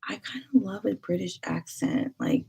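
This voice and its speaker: A woman's voice: medium pitch, normal speed, creaky, a little mellow, husky. A young woman hosting a casual livestream, chatting with viewers and reading their comments, with laughs and whispered asides. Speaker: livestream host.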